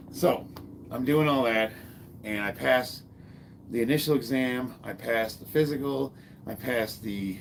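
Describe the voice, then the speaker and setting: A man in his fifties, a former Marine, telling a long personal story in a casual, halting way, swearing freely and stopping to restart his sentences. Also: fairly low pitch, slight background noise. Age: 50s. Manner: halting, profane, full of fillers and restarts. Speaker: fitness vlogger and former Marine.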